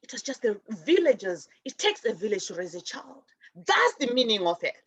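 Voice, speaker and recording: A woman hosting a spiritual talk show, telling stories about her upbringing in an animated way and acting out her relatives' voices. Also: fairly high pitch, normal speed, breathy edge, no room sound, lo-fi sound. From raised in a village outside America. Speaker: show host.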